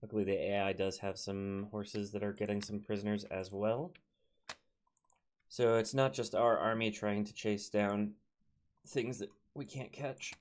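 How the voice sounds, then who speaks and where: A young let's play host from Minnesota, United States, chats casually with a Minnesotan accent while playing a strategy game and talking to his units. His voice is on the low side, unhurried and fairly flat in pitch, with slight background noise.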